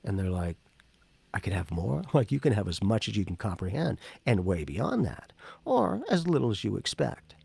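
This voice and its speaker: A man's voice: fairly low pitch, sing-song, normal speed, gravelly, a little mellow, husky. A man co-hosting a spiritual podcast, talking casually and animatedly, acting out the people he quotes. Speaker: podcast co-host.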